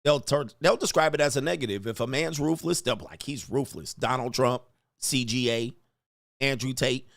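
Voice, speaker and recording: A man hosting a commentary show, ranting bluntly and mockingly, with profanity and quick mimicked voices. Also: medium pitch, creaky, a bit bright, no echo, studio quality. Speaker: host. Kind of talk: casual commentary rant.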